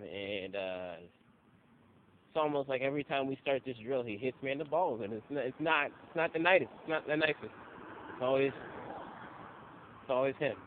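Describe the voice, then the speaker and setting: Young guy telling stories, swears a lot, sounds like a phone line. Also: mid-range voice. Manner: loose and profane, acts out quoted coaches. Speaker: interviewee. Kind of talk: casual storytelling. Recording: phone-like audio with faint noise.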